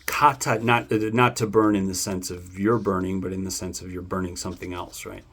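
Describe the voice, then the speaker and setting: A man's voice: deep voice, flat delivery, a little fast, fairly bright tone, breathy edge. A man thinking aloud as he works through a vocabulary list, often correcting himself. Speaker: language learner going over vocabulary. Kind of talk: casual self-study walkthrough.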